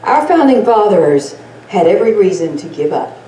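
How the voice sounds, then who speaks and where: A woman's voice: mid-range voice, sing-song, normal speed, warm tone, a little hiss or hum. A woman giving a folksy, fired-up political rally speech, laughing often as she talks. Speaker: rally speaker. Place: rally crowd event. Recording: echoey sound from far off.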